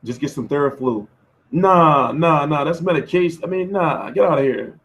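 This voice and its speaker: Hoarse guy on a boxing stream, kinda high voice, slangy and cussing a lot. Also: normal speed, a bit bright. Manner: loose, profane, slangy banter answering chat. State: losing his voice. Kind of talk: casual live-stream chat.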